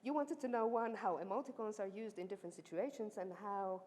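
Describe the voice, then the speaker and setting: A woman's voice: medium pitch, fairly quick, a little mellow. A woman supervisor giving a ceremonial laudatio, chatty and teasing inside a formal speech, with many fillers. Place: university ceremony hall. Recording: echoey hall, faint background noise.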